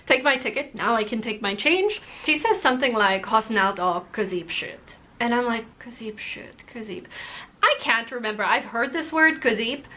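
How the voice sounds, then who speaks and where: A woman vlogger telling personal stories to camera in a casual, animated way, laughing now and then. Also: fairly high pitch, brisk, few pauses. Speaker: language-learning vlogger.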